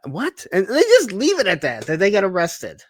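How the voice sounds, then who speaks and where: A man's voice: sits high, wildly swooping pitch, normal speed, breathy edge. A man co-hosting a casual TV recap, talking in a reflective, chatty way with frequent "like"s. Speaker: podcast co-host.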